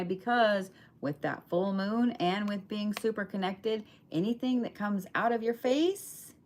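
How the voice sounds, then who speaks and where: A woman's voice: lowish voice, a little mellow. A woman giving a chatty, emphatic live tarot reading to her viewers. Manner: chatty, emphatic, swears casually, talks to viewers. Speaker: tarot reader.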